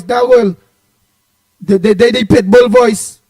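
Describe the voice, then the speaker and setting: A man's voice: extremely high pitch, fairly even intonation, takes it slowly, a little mellow. A man with a Trinidadian accent hosting an online talk show, greeting viewers by name in rambling, repetitive, teasing live-stream chat. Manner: rambling and repetitive, stumbling over words; playful, teasing banter.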